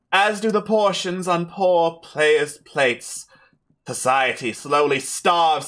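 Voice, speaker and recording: A man's voice: fairly high pitch, a bit bright, pitched above the performer's own voice. A man voicing an unseen, grandiose theatre announcer who declaims in a flowery showman style.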